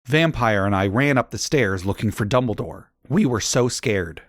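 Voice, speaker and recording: A man narrating a comedic audiobook in a deadpan manner, with dry asides. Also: fairly low pitch, moderate pace, dry recording.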